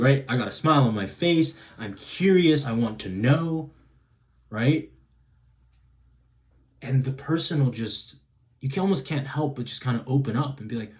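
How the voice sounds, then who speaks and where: A man's voice: mid-range voice, expressive, a little slow, pauses often, darkish tone. A man hosting a self-help video who talks in a rambling, casual way, restarting sentences and checking in with "right?". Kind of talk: casual advice monologue.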